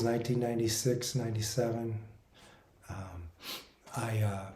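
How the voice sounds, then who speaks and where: An older man in his sixties speaks in a mellow, warm voice at a middling pitch. He tells a personal story in an earnest, reflective way, often circling back and correcting himself. The room around him rings with noticeable echo. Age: 60s. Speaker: spiritual musician recounting his experiences.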